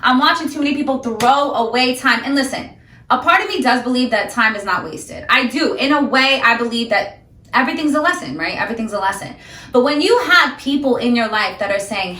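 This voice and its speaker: A woman delivers an emphatic, ranting motivational talk directly to her viewers. Her voice is fairly high and bright with a forceful edge. She sounds like she is recording in an echoey room, set back a little from the microphone. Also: lively intonation, fairly quick, distant mic. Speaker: sobriety vlogger. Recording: echoey room, voice a bit off-mic.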